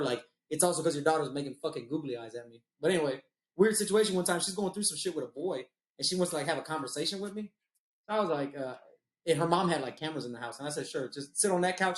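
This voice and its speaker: A man swaps raunchy personal stories in a relaxed, profane chat and keeps laughing at his own punchlines. He talks fast in a slightly raised voice. The room around him rings with echo. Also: fairly high pitch. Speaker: podcast host. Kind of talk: casual storytelling chat.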